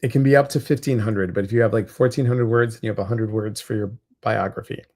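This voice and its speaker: A man with a Chicago accent hosting a casual livestream, upbeat and excitable as he talks straight to his viewers. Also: fairly low pitch, a little fast. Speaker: livestream community host.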